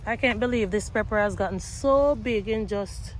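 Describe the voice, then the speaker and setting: Woman, gardening vlogger, chatty, repeats phrases, talking outdoors, mid-pitched voice, faint outdoor noise. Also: moderate pace. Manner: chatty, repeats herself, addresses viewers as family. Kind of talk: casual garden tour vlog.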